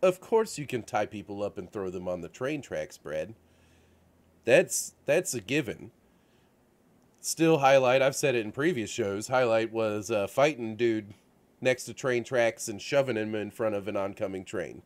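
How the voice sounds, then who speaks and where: Man, casual chat host, rambling storyteller, animated, filler-heavy. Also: on the low side, unhurried. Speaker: show host. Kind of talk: casual chat about video games. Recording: radio-show studio setup.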